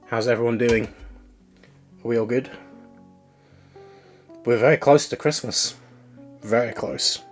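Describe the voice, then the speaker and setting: A man's voice: medium pitch, fairly even intonation, takes it slowly, long pauses, soft background music. A man chatting casually on a live stream as he works, thinking aloud and talking to his viewers.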